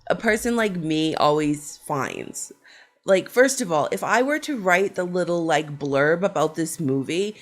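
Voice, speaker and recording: Brief: middle-aged woman, lowish voice, sarcastic and foul-mouthed, casual horror-fan rant. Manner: sarcastic, profane, storytelling. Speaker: horror vlogger.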